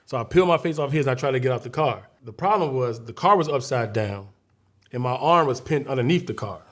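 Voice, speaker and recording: A man's voice: medium pitch, animated, fairly quick. A man from Chicago, a guest comedian, telling a story in a casual interview, acting out scenes and voices vividly.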